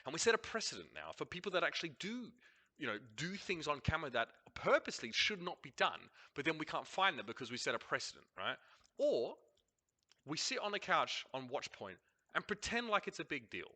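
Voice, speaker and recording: A man's voice: on the high side, sing-song, fairly quick, bright, forceful tone. A man with an Australian accent, hosting a casual review of a match broadcast, talking bluntly and swearing freely as he rants. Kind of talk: casual commentary over a replay.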